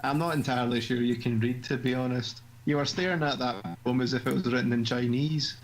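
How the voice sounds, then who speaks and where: A man's voice: mid-range voice, steady tone, a little fast, rough recording. A Scottish man trades teasing, sweary banter while playing a game. His voice sits mid-range. A faint hiss runs under the recording. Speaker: let's play host. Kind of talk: casual gameplay commentary.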